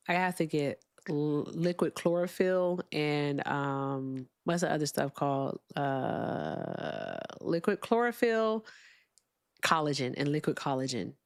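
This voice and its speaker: A woman's voice: low-pitched, no echo, clean studio sound. A woman hosting a casual livestream chat, chatty and playful with jokey asides. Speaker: host.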